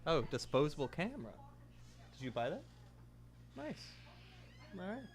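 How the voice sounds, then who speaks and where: A man's voice: fairly high pitch, wildly swooping pitch, moderate pace. Rambling young man chatting while gaming. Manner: rambling, enthusiastic, restarts often. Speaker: gaming video creator. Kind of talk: casual chat while playing.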